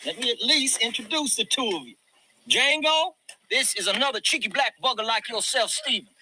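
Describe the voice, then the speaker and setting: An actor playing a smooth, menacing male plantation owner in a film, teasing and commanding. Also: very high-pitched, lively intonation, normal speed, bright, forceful tone, a little hiss or hum, exaggerated voice, poor audio. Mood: amused.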